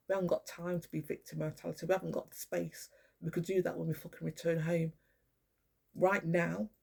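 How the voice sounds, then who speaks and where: Gravelly, husky older speaker, cursing. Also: mid-range voice, a little mellow. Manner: profane, emphatic, repetitive; halting, with many restarts. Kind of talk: rambling monologue to camera.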